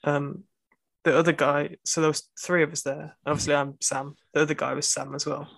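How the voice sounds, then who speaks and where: A young student telling a long story in casual chat, circling back with plenty of fillers. His voice is gravelly and fairly level in pitch. The sound is dry and close, with no room around it. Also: flat delivery, brisk, a bit bright, dry recording. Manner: rambling storytelling with many fillers.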